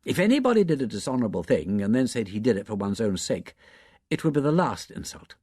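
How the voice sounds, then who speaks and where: A man's voice: mid-range voice, big pitch swings, fast talker, darkish tone, slightly rough, no room sound, studio quality. A man voicing a frank, thoughtful woman writer who speaks in a decisive, forthright way.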